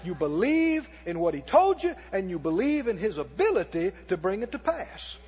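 A male pastor preaching a sermon in a church, animated, with mock laughter and shouts. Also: sits high, moderate pace, husky, big-room sound, dull audio.

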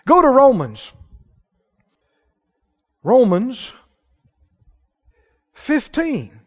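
Male preacher, very high and lively voice, slow deliberate delivery, call-and-response sermon. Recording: dull hall recording with long reverb.

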